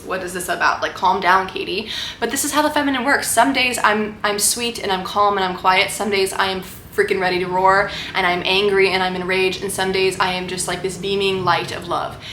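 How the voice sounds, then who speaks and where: A woman's voice: medium pitch, pushed and bright. A young adult woman vlogging, talking fervently and rambling, full of "like" and "right?". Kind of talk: impassioned spiritual monologue to camera. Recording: echoey room with faint background noise.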